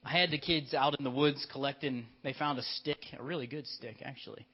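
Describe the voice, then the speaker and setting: A male pastor preaching a sermon, telling the story in a lively way and directing children in a skit. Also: medium pitch, fairly quick. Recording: dull lo-fi church recording.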